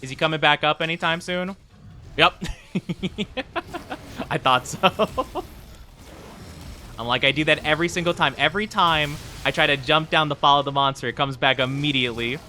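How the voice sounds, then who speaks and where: A man's voice: on the high side, normal speed, pauses often, bright, forceful tone, a little hiss or hum. A young man chatting casually with his live-stream audience while gaming, rambling with lots of fillers. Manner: rambling, filler-heavy, friendly with chat. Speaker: streamer playing a game.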